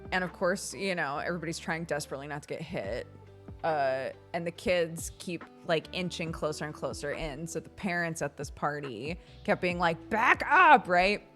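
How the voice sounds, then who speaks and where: An American woman in her thirties streams casual chat, telling stories with lots of laughter and acting out the voices of the people she quotes. She has a deep voice at normal speed, with faint music in the background.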